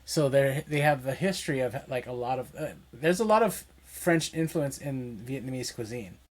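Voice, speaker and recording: Husky, rambling male co-host. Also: mid-range voice, expressive, normal speed. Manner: rambling, full of fillers like "like". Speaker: podcast co-host. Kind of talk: casual podcast chat.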